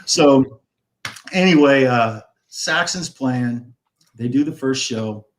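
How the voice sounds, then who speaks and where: A man's voice: mid-range voice, slow, a little hiss or hum. A man in his fifties, a guest on a live stream, telling a long rock-and-roll story in a rambling way, swearing and acting out the dialogue. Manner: rambling, swears freely, acts out quoted dialogue.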